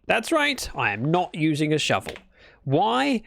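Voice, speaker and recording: A man's voice: on the high side, huge pitch swings, measured pace, vocal fry, fairly bright tone. A British man livestreaming a game, chatting casually in a rambling, playful way and correcting himself as he goes. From Britain. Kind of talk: casual gameplay chat.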